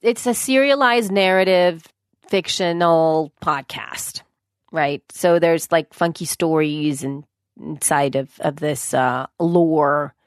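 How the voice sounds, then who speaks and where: A woman co-hosting a podcast in casual chat, chatty and excitable, often saying "dude". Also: deep voice, slow, no echo, studio quality. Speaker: podcast co-host.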